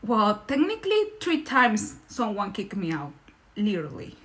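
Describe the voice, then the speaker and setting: A woman from Nicaragua, a podcast guest telling stories in lively, English and laughing often. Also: medium pitch, normal speed. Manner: animated, laughing, non-native English phrasing. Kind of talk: casual storytelling in conversation.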